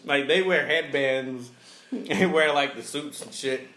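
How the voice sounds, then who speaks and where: A man's voice: medium pitch, a little slow, bright, forceful tone, reverberant. A young man co-hosting a podcast, chatting casually in a playful, slangy way with bursts of laughter. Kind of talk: casual chat.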